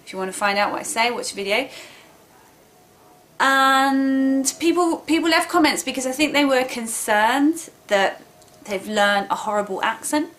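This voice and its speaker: Woman w explaining stuff to camera, earnest, slightly high voice. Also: expressive, normal speed, fairly bright tone. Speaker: English teacher.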